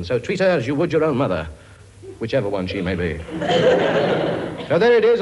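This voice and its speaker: A brash man blusters his way through a comic king's speech. His voice is high and swoops around a lot. The studio recording carries a heavy layer of noise. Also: lo-fi sound. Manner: blustering, brash, mock-regal. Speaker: comic actor playing a king. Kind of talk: comedy sketch with studio audience.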